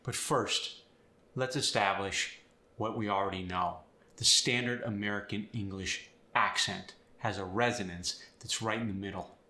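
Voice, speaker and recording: A man teaching accents and explaining sounds step by step in an upbeat, clear way. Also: fairly low pitch, fairly even intonation, a little slow, sharp tone, echoey room. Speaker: accent coach. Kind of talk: instructional video.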